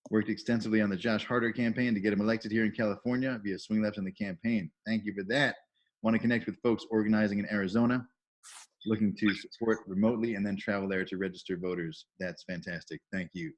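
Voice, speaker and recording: Upbeat man hosting a video call, lowish voice. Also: fairly even intonation, fast. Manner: enthusiastic, reads out chat messages with upbeat praise. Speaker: volunteer trainer and call host. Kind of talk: casual welcoming on a video call.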